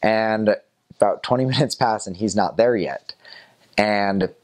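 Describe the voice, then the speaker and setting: A man's voice: lowish voice, unhurried, a little mellow. A young man casually telling a personal story about his missionary days, chatty, with frequent small laughs and fillers. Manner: chatty, laughs often between phrases, fillers like "like" and "kinda".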